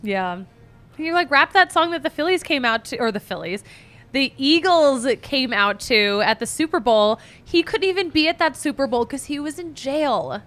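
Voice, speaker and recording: A woman from the Philadelphia area with a Philly accent, hosting a casual sports podcast with a voice worn hoarse from screaming, chatty and quick to laugh at herself. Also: high voice, animated, fairly bright tone. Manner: chatty, laughs often, self-mocking. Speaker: podcast host.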